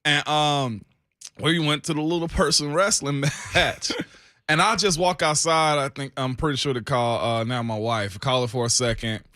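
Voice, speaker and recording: A man co-hosting a sports radio show, a former pro athlete telling animated stories and laughing often in a studio. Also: a little high, moderate pace, no room sound. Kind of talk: casual radio chat.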